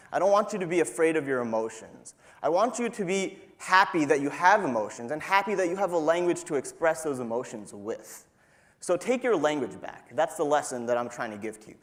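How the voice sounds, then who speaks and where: A man's voice: fairly high pitch, expressive, fairly quick. A young man from New York giving a live stage talk to an audience, punchy and emphatic with a playful, profane edge. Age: young adult. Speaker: student speaker.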